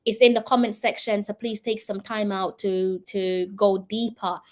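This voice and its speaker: A woman's voice: medium pitch, steady tone, moderate pace. A woman from Jamaica with a Jamaican accent, hosting a live-stream commentary, answering viewer comments in an earnest, persuasive way and talking straight to her viewers. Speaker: host.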